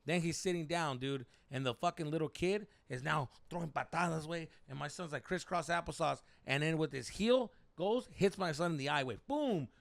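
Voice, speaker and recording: A young man tells a story on a podcast, animated and full of swearing. His voice is a touch high with a gravelly rasp. The sound is dry and close. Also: moderate pace, few pauses, no echo. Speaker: podcast host. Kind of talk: casual storytelling.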